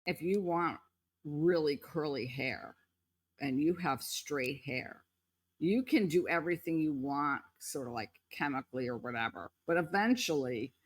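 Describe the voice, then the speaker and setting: A woman's voice: deep voice, animated, measured pace, slightly rough, no echo. A woman co-hosting a podcast, speaking thoughtfully and hedging her points with frequent "like" and "kind of.". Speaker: podcast co-host. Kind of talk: casual reflective chat.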